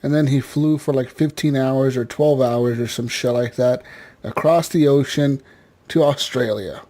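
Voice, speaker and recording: A man's voice: medium pitch, unhurried, warm tone. A man hosting a gaming podcast in casual chat, joking, laughing often and swearing freely. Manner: laughing, swearing, loose and jokey. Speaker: podcast host.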